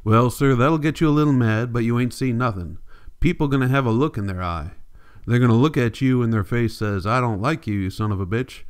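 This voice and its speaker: A man's voice: mid-range voice, fairly quick, clean tone, natural voice. A man reading the part of a weary, bitter migrant farmer father in blunt rural folk speech, for an audiobook.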